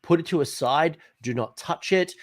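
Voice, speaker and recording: A man's voice: fairly high pitch, moderate pace. Chatty male gaming host. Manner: chatty, stumbles over words, asks questions. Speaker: podcast host. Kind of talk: casual gaming strategy chat.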